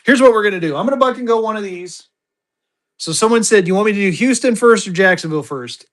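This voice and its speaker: A man runs a live online sale in easy, rambling chatter. His voice sits a touch higher than usual for a man. He talks his way through what he is doing and keeps calling out to viewers as y'all. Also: expressive, quick pace, a bit bright. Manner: chatty, thinks aloud, calls viewers y'all. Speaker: livestream auction seller.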